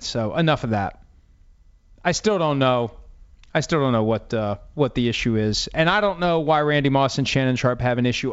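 A man's voice: mid-range voice, clear, resonant tone. A man hosting a podcast, chatting casually about sports and mocking himself with a wry, rambling manner. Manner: wry, self-deprecating, rambling. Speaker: podcast host. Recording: dull, slightly lo-fi sound.

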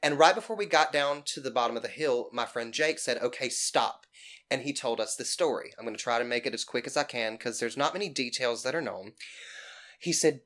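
A woman from Mississippi with a thick Southern accent, telling a story casually as a podcast guest, rambling and swearing freely. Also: rumbling low.

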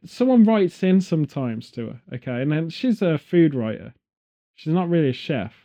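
A man's voice: a little high, very animated, moderate pace, mellow. A British man hosting a podcast, rambling and joking in casual chat with exaggerated tangents. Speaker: podcast host. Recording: dull lo-fi audio.

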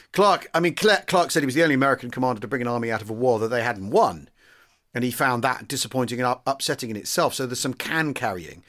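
A man with a medium-pitched voice reflects on wartime politics in an easygoing podcast chat. He speaks thoughtfully and weighs his points as he goes. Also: lively intonation, fast, fairly bright tone. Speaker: historian guest. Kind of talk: casual history discussion.

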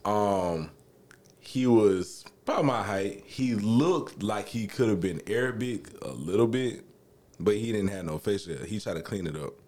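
A young man, telling a story in a casual podcast chat, animated and swearing freely. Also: unhurried. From Alabama, US. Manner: animated, swearing, acts out quotes in high voices. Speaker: podcast co-host.

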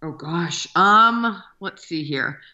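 A woman comedian chatting as a remote guest, wry and self-deprecating, with hesitant fillers between jokes. Her voice sits on the low side. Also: lively intonation, slow, bright, forceful tone, lo-fi sound. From Texas. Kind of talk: casual interview over a remote call.

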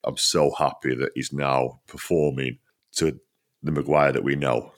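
A man's voice: a bass voice, level tone, unhurried. A man hosting a casual football chat, talking with lots of fillers and laughter. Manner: chatty, laughs often, many fillers. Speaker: podcast host.

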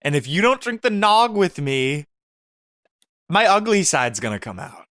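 Man, comedy podcast co-host; deadpan mock-romantic improv, clear bright tone. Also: high-pitched, measured pace, no echo, studio quality.

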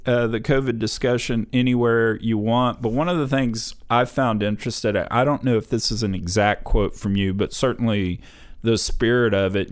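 A middle-aged man hosting a casual talk with his father, telling family stories in a chatty way. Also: mid-range voice. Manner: chatty storyteller, laughs while telling stories. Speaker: podcast host interviewing his father.

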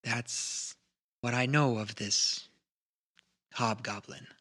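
A man playing a careful male advisor who answers questions slowly and earnestly. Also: mid-range voice, fairly even intonation, pushed and bright. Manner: slow, earnest, deliberate.

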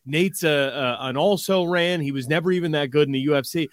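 A man's voice: on the high side, fairly quick, no room sound. A man recounting a news story in casual podcast chat, with plenty of fillers like "right" and "like.".

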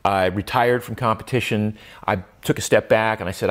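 A man's voice: lowish voice, fairly even intonation, normal speed, hardly any pauses. Older man telling his story, reflective. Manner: reflective, many restarts and fillers, rising emphasis. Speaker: guest. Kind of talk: conversational interview.

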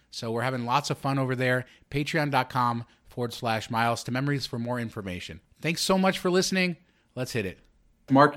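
A man hosting a podcast, reading the show's plugs and then chatting with his co-hosts in an upbeat way. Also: mid-range voice. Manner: upbeat promo delivery. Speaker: podcast host. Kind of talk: casual podcast chat.

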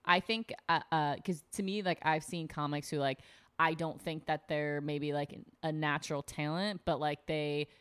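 Low voiced woman comic, blunt and sweary, says like nonstop. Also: steady tone, normal speed, a bit bright, smooth. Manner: blunt, profane, says "like" constantly, acts out quotes. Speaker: stand-up comic, guest. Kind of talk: casual podcast chat.

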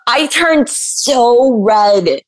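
A woman's voice: fairly high pitch, expressive, extremely slow, a loud crowd, low-quality recording. Giggly woman guest on a podcast. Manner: giggly and chatty. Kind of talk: casual chat.

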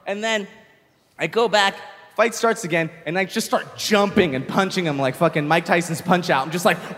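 A young man doing stand-up comedy, telling a story in an animated way, swearing freely and acting out shouts. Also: sits high, brisk, in a large hall.

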